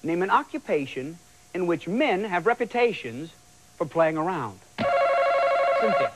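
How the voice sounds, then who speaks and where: A man hosting a television game show, bantering and teasing contestants in a lively way. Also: high voice, unhurried. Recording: old broadcast tape with loud audience and noise. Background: loud studio audience.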